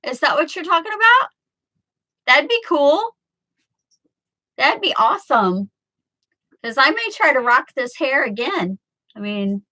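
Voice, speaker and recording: A woman of about fifty talks to her viewers from home through a webcam, rambling from one story to the next and laughing often. Her voice is bright and forward, sitting a little high for a woman. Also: poor audio. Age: 50s. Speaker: live streamer chatting with viewers. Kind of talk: casual chat.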